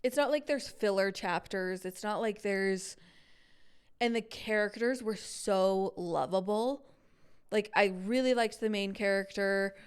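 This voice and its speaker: A woman co-hosting a podcast in easy, casual chat. Her voice has a gravelly edge yet stays smooth and clear. She talks in quick asides, full of "like.". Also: mid-range voice. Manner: chatty, quick asides, frequent "like". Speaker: podcast co-host.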